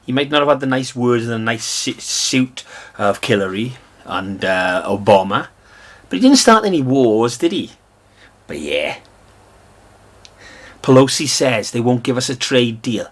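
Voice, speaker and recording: A man from Britain giving an angry, scornful political rant, swinging between loud outbursts and low mutters. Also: big pitch swings, measured pace. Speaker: political commentator.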